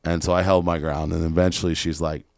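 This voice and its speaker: A guest entrepreneur with a very low voice tells a story on a podcast, blunt and profane, acting out what other people said. His tone stays level and his pace is quick. The sound is close and dry, with no room echo.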